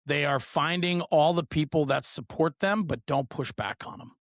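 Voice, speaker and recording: A man's voice: fairly high pitch, moderate pace, fairly bright tone, dry recording, clean studio sound. A man hosting a fire service podcast, talking bluntly in a fired-up way and swearing freely. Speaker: podcast host. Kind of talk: casual podcast conversation.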